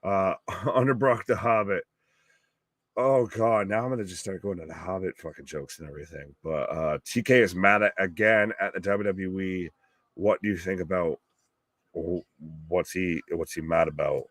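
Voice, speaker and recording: The host of this live wrestling reaction stream has a low, fairly bright voice at a moderate pace, recorded without echo. He keeps the chat casual, cracking jokes, swearing freely and laughing at his own lines.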